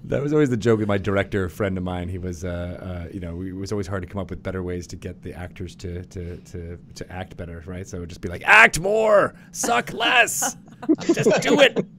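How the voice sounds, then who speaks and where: A man's voice: sits low, steady tone, quick pace, hardly any pauses, darkish tone, a little hiss or hum. A male podcast host keeps the chat loose and playful. He asks his guests questions and laughs easily. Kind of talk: casual chat.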